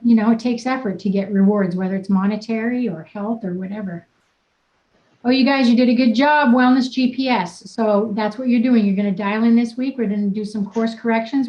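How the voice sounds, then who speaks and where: A woman's voice: fairly high pitch, darkish tone, echoey room, highs cut off. A woman wellness coach leading a group session, talking in an upbeat, playful, encouraging way.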